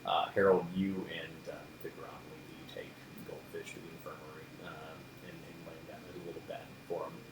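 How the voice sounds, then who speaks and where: He is a very low-pitched man running the game as game master, relaxed and often trailing to a murmur. The room is echoey, with steady noise behind him. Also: a little fast, few pauses. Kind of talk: narrating a tabletop game.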